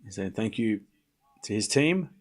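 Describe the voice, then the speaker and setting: A man's voice: fairly low pitch, animated, unhurried. A man hosting a live watchalong, chatting casually with his chat, rambling with frequent fillers and restarts. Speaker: livestream watchalong host.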